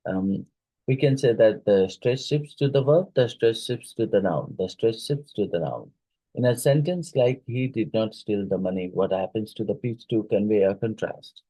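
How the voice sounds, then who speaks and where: A man's voice: on the low side, lively intonation, moderate pace, warm tone, no echo, rough recording. A male teacher going through exam questions, reading each one aloud and then reasoning out the answer. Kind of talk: exam question review lesson.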